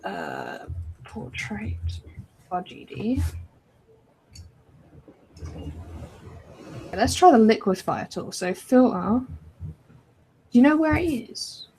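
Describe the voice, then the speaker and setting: High-voiced woman, slow and giggly. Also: huge pitch swings, warm tone, a little hiss or hum, poor audio. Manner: giggly, thinking aloud. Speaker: podcast co-host. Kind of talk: casual chat while drawing.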